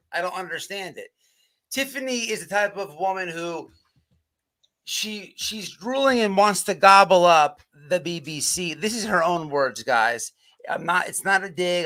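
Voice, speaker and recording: Bright high-voiced man hosting a stream. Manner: blunt, profane, stumbling restarts. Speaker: livestream host. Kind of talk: live stream commentary.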